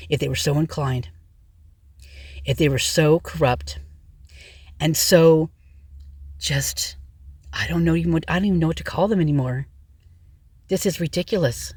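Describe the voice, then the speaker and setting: A woman's voice: low voice, slightly rough, dry recording. Impassioned woman ranting into her tablet. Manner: heated, rhetorical questions to viewers. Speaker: vlog host. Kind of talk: impassioned commentary rant. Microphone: tablet microphone, close to screen.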